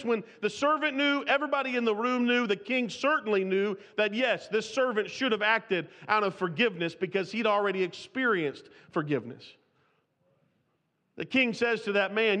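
A man's voice: sits high, normal speed, sharp tone. A man preaching an expository sermon, reading scripture aloud in old-fashioned wording and often restarting his sentences. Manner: reads scripture aloud in King James wording; restarts and repeats words while speaking freely. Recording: long hall reverb.

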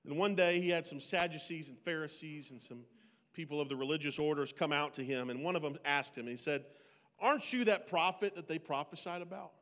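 High-voiced preacher man giving a dramatic sermon. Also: brisk, in a large hall. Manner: dramatic, swings between loud pleading and hushed quiet. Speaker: pastor.

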